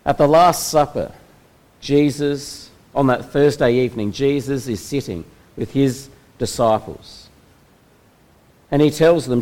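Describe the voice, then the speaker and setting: A man preaching a sermon, retelling a Bible story in a measured way with slow, dramatic pauses. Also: medium pitch, a little mellow, poor audio. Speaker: pastor.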